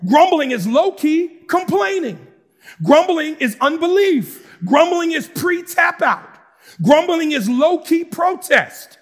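A man preaching a sermon, moving between calm explanation and fervent shouting with casual asides to the congregation. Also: very high-pitched, takes it slowly. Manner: shouts and preaches with rising intensity, conversational asides. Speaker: pastor.

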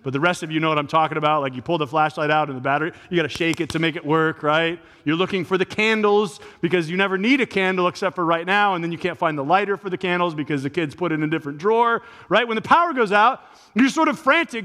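Speaking quickly in a bright, forceful voice on the high side, a man delivers a sermon as pastor, moving from conversational talk up to emphatic climaxes amid the long reverberation of a big hall.

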